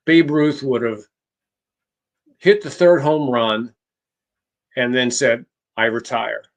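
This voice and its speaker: A man at a middle pitch speaks as a guest author in a conversational interview. He tells his stories at a measured pace. He often halts and restarts his phrases. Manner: measured, halting with frequent restarts. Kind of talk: conversational storytelling.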